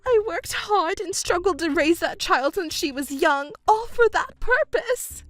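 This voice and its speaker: A woman's voice: very high-pitched, expressive, measured pace, a bit bright, no echo, faint music behind, full character voice. A woman voicing a scheming, self-pitying middle-aged stepmother in a texting story, wailing and stammering indignantly. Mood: panicked.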